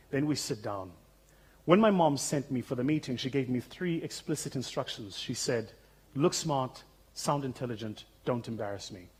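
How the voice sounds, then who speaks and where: A South African man with a husky, slightly rough voice delivers a keynote on a conference stage. His pitch sits in a normal middle range, and his storytelling is humorous, vivid and conversational, as if talking straight to the audience through a stage microphone. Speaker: keynote speaker.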